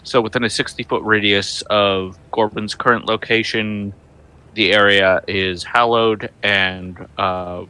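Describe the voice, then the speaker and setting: A man's voice: fairly low pitch, fairly even intonation, a little slow, bright, forceful tone, smooth, rough recording. A man playing a tabletop game, describing his character's actions in a rambling, hesitant way. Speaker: player.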